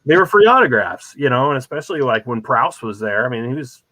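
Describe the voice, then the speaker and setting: A man as a guest on a show, telling rambling, animated stories full of ums and uhs. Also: medium pitch, fast, dry recording. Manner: rambling, many fillers, animated storytelling. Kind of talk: casual chat, anecdotes.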